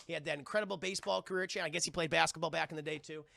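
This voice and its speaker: A man's voice: a little high, steady tone, racing, gravelly, bright, forceful tone. A man rambling through a film review on a live stream, swearing often and talking straight to his chat. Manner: rambling, profane, keeps addressing the chat. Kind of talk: casual live-stream commentary.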